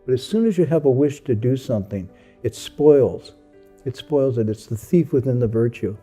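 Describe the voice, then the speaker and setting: A man's voice: mid-range voice, animated, normal speed, mellow, soft background music. A man who is a Buddhist monk, telling a story from his past and acting out the people in it. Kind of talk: storytelling talk.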